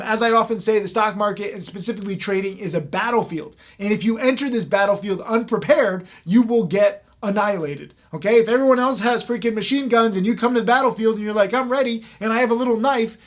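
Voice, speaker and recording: A man with a fairly high voice teaches stock trading straight to the camera. He talks fast and with emphasis, leaning on frequent fillers as he goes. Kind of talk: direct-to-camera talk.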